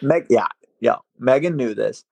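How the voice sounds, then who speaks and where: Gravelly, laughing young man telling stories. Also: mid-range voice, animated, a little slow, a little mellow, dry recording. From Massachusetts. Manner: laughing, swearing storyteller. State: day drinking. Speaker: podcast co-host. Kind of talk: casual chat.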